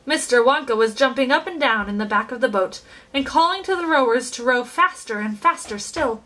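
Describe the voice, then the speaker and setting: A woman reads a children's story aloud, bringing each scene to life. Her voice sits high and swings widely, full of expressive storytelling. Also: a little fast, low-quality recording. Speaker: reader. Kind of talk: reading a children's book aloud.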